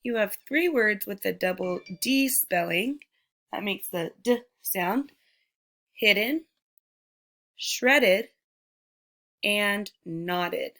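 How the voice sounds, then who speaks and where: A woman teacher giving a recorded phonics lesson to young children, sounding out words slowly and speaking to them directly. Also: medium pitch, expressive, fairly bright tone. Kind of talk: slow, deliberate remote phonics lesson.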